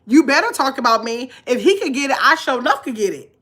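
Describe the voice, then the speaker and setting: A woman's voice: sits high, very animated, quick pace, fairly bright tone. A woman in her fifties with a nasal voice, talking bluntly to her viewers in a casual live stream and reading their comments aloud. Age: 50s. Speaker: vlogger.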